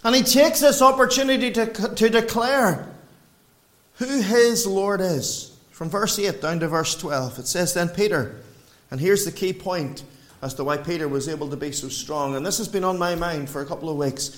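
A man with a high voice delivers a sermon in a church. He swings from raised, emphatic lines down to hushed, low passages. The room around him is echoey. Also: moderate pace. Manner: preaching with wide swings in pitch and loudness. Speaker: preacher.

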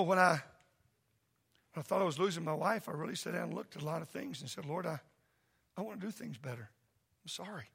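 A man who is a pastor preaching a sermon in a church, impassioned and loud at first, then soft and pleading. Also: fairly high pitch, gravelly, breathy edge. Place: church sanctuary.

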